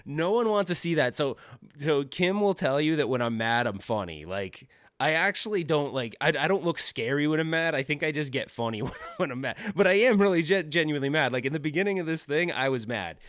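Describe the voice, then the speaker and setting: A man's voice: on the high side, animated, fairly quick, fairly bright tone, dry recording. Rambling joking man on a dry mic. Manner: rambling, joking, self-deprecating, often laughing. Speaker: livestream host. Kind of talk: casual livestream chat. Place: home office.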